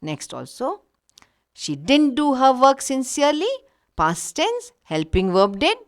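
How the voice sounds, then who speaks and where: A woman's voice: high-pitched, very animated, a little slow. A woman teaching a recorded grammar lesson, patiently explaining with many examples. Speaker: English teacher.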